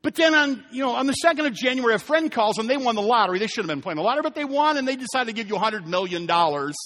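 Man, pastor, preaching a sermon, high voice, animated storytelling, long church reverb. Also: rapid-fire. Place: church sanctuary.

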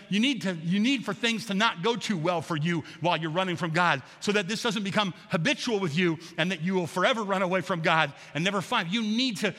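A man's voice: sits high, sharp tone, in a large hall. A middle-aged man, a pastor, preaching a conversational sermon that repeats phrases and acts out prayers. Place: church sanctuary.

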